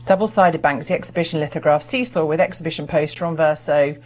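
A woman's voice: sits low, fast, a little mellow. A woman presenting as the art expert on a live televised auction, upbeat and enthusiastic about the pieces.

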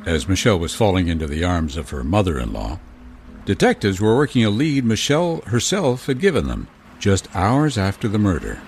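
A man with a low, gravelly voice narrates a true-crime story in a measured, dramatic cadence. His pitch swings widely to stress each turn, and music plays clearly under him. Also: wildly swooping pitch.

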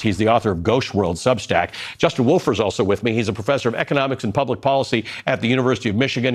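Male news anchor, animated delivery, reads quotes then reacts. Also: mid-range voice. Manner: lively, quotes editorials then reacts with incredulity. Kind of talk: cable news commentary and panel hosting.

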